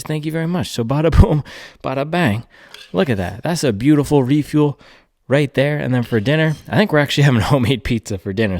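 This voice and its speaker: A young man chatting casually in a vlog as a running shoe reviewer, playful and rambling with jokey slang. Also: medium pitch.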